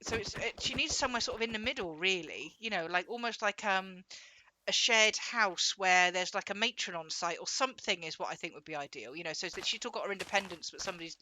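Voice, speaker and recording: A woman's voice: medium pitch, quick pace, pushed and bright. A young woman chatting casually while gaming, rambling and acting out quoted voices as she tells a story. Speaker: gaming co-host.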